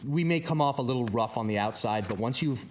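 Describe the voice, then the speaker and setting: A man's voice: mid-range voice, animated, fast, slight background noise. A young male musician, guest on a TV interview show, chatting casually and acting out little quoted voices. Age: young adult. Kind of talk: casual studio interview chat. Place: TV studio.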